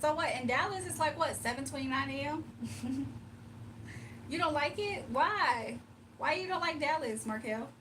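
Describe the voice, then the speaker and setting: A woman's voice: high voice, moderate pace, distant mic, background noise. A young woman hosting a casual livestream, reading viewer comments aloud, teasing them and laughing often. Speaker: livestream host.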